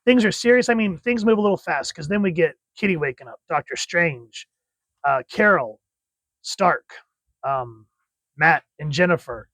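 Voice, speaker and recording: A man's voice: fairly high pitch, animated, normal speed, fairly bright tone, no room sound. Enthusiastic man reviewing comics. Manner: enthusiastic, chatty.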